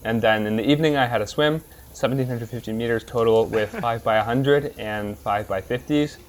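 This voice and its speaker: A young man narrates his own vlog in an easygoing, chatty voice of ordinary pitch. He talks casually and chuckles lightly from time to time. Faint noise sits behind him. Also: brisk. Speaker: vlogger, triathlete.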